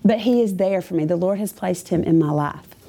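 A woman's voice: lowish voice, brisk, warm tone. A woman schoolteacher giving a chatty, humorous faith testimony to a live audience, full of asides. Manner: chatty, self-deprecating and humorous, with many asides.

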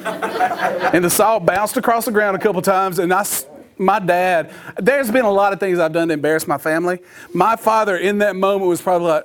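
A man's voice: high voice, a little fast. A middle-aged man, preaching a sermon in a humorous, folksy storytelling manner.

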